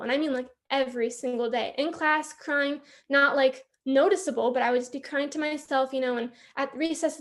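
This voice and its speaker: A young woman from San Diego with a high voice tells her personal story at a conference. She speaks candidly and chattily, and she often turns to address her listeners directly. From San Diego, California. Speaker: youth peer support speaker.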